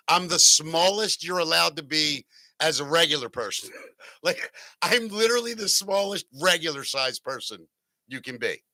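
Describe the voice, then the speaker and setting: A podcast host tells a rambling, jokey story on a casual talk show, correcting himself as he goes. His voice is a little high with a sharp tone, and the recording is dry.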